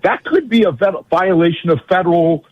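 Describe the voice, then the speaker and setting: A man with a somewhat high voice takes the combative side of a radio interview. He is blunt and hammers every point through repetition. His voice is husky and close, dry, and dulled as if it came over a lo-fi line. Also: a little fast, no room sound. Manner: blunt, emphatic, repeats phrases for force. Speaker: guest legal commentator.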